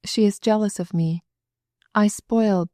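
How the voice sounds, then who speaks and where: A woman reading the part of a young noblewoman who speaks quickly and tearfully in an audiobook. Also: medium pitch, mellow, no room sound, studio quality, close to an everyday voice. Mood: confiding.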